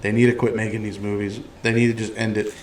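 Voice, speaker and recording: A man's voice: on the low side, fast, a crowd in the background. A man hosting a podcast, in a casual, blunt and profane chat about a movie. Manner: blunt, profane, animated storytelling. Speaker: podcast host.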